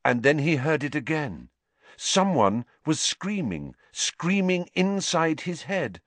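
A man narrating a story aloud with dramatic, expressive delivery. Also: a little high, takes it slowly, no room sound. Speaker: audiobook narrator. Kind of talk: scripted narration.

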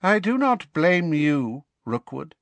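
A man voicing a cold, cruel male dark lord in a high voice that speaks slowly and with menace. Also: very animated, no room sound, full character voice. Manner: slow, menacing, measured.

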